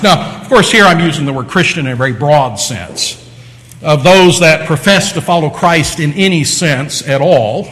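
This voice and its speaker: A man preaching a sermon, teaching with lively emphasis and repeating phrases to drive points home. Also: a little high, long reverb tail, poor audio. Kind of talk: sermon lecture.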